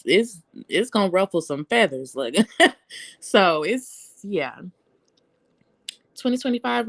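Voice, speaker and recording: A woman hosts a live stream in a loose, blunt, profane way, laughing often between her points. Her voice sits at an ordinary middle pitch. It is recorded dry and close, with no room sound. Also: dry recording. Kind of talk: casual live stream commentary.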